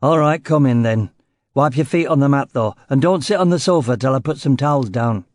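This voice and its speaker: A man's voice: mid-range voice, a little fast, darkish tone, no room sound, clean studio sound, close to an everyday voice. A man voicing an aging male celebrity DJ with a weird DJ voice and faint Yorkshire traces, self-important and snappish. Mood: testy. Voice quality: distinctive weird DJ voice.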